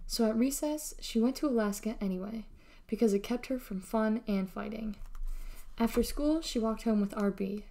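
A woman reading a children's novel aloud with steady, expressive storytelling. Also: a little high, moderate pace. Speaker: reader.

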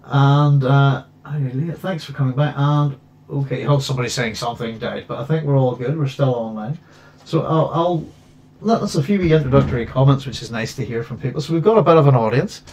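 Man, stream host, rambling, mid pitch, chatty. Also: fairly quick, darkish tone. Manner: rambling, many restarts and fillers. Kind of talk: casual livestream chat. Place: home.

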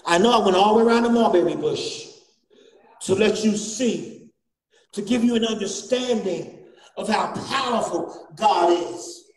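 A man preaching a fervent sermon as a guest bishop, repeating refrains and rising to shouts. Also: sits high, measured pace. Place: church sanctuary. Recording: echoey church, distant mic, faint noise.

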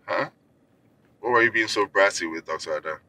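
An actor playing a widowed father who gently coaxes his young daughter, with a soft, pleading manner. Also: on the low side, fairly quick, rough recording. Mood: coaxing. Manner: soft, coaxing, pet names. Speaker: single father. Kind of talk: film acting.

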